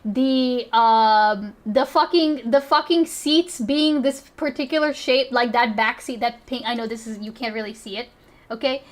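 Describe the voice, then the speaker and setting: A woman with a South Asian accent chats casually on a livestream. Her voice sits high, and she rambles, swears and laughs often as she reacts. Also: unhurried. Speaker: streamer.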